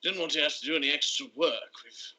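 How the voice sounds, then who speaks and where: A man playing his character at a tabletop game, babbling anxiously and repeating himself for laughs. His voice is very bright and sharp, and it sits fairly high. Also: fast talker, poor audio. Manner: anxious, repetitive, comic babbling. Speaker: player.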